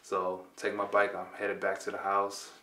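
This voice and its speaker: A man in his twenties from Compton, California recounts a personal story a little slowly, keeping it laid-back and slangy while acting out the dialogue. His deep voice has a completely flat delivery and a sharp tone, with slight background noise. The mic sits at a distance, giving a roomy sound.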